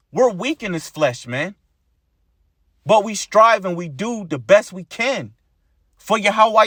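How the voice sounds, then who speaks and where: A man's voice: high voice, fairly bright tone, dry recording, clean studio sound. A man preaching an informal sermon to his followers, blunt and profane, who keeps repeating his lines and ends his phrases with "man".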